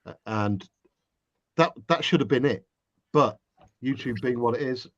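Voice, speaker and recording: A man's voice: mid-range voice, unhurried, dry recording, highs cut off. A man with an English accent chatting casually on a livestream, breezy and self-mocking. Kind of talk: casual group chat on a livestream.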